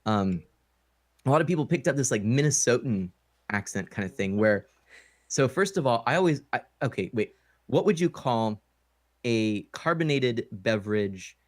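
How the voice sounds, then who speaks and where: A man's voice: mid-range voice, lively intonation, normal speed. A man from the Pacific Northwest, chatting casually on a stream and quizzing the others. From Pacific Northwest, USA. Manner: chatty storyteller, asks the group questions. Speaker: stream co-host. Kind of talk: casual chat.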